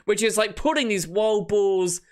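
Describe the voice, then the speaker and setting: A man's voice: high voice, moderate pace, clean tone. A man, co-hosting, rambling and teasing in comedic banter. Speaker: co-host.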